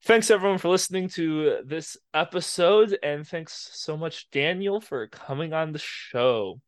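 Slightly high-voiced male podcast host. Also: a little slow, clean tone. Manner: friendly, wraps up the show. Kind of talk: casual podcast chat.

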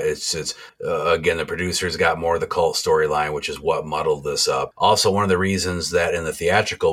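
A man's voice: extremely low pitch, bright, forceful tone. A man co-hosting a podcast, recapping a horror film in rambling, profane casual chat. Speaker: podcast co-host.

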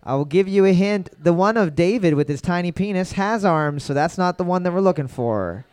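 A man's voice: sits high, animated, brisk, few pauses, a little mellow, smooth, dry recording. A man hosting a comedic trivia night, reading each question twice and then riffing with crude jokes. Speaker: trivia host. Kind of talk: comedic trivia quizmaster banter.

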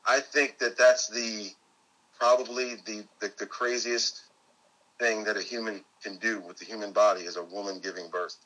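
A man's voice: lowish voice, steady tone, normal speed, sharp tone, low-quality recording. A man from Florida, a guest calling in by phone, chatting casually and joking easily. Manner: easygoing, joking, chuckling storyteller. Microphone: phone call.

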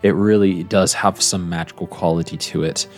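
A man as game master, gently describing the scene in a tabletop game. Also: low-pitched, steady tone, normal speed, soft background music.

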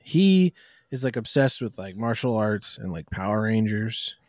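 A man's voice: lowish voice, very animated, measured pace, darkish tone, no room sound, studio quality. A man co-hosting a podcast, telling stories in crude casual chat with frequent laughs. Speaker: podcast co-host.

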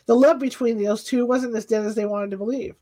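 A woman reading a novel aloud as an audiobook narrator, steady and even. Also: a little high, brisk, poor audio. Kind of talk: scripted narration.

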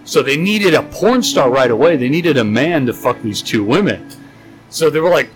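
Young man, casual podcast chat, animated storyteller, fairly high voice, music behind. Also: moderate pace, rough recording. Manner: animated storytelling, acting out quotes in higher voices. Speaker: podcast co-host.

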